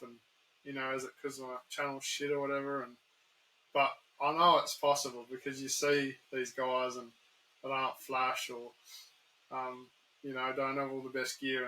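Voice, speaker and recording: A man's voice: medium pitch, sharp tone, rough recording. An Australian man chatting as a podcast guest, laid-back and rambling, swearing casually. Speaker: guest YouTuber. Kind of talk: casual chat.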